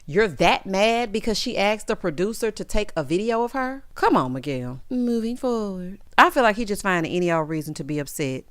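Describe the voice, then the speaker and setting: A woman's voice: mid-range voice, a little fast, few pauses. A woman giving a sassy, casual recap of a reality show, mimicking the cast as she goes. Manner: sassy, animated, quotes cast members in mock voices.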